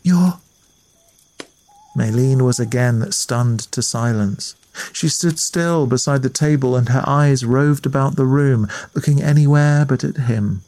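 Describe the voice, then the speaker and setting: A man reading a ghost story aloud in a measured, atmospheric way as the storyteller. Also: mid-range voice, darkish tone, no echo. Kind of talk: scripted narration of a ghost story.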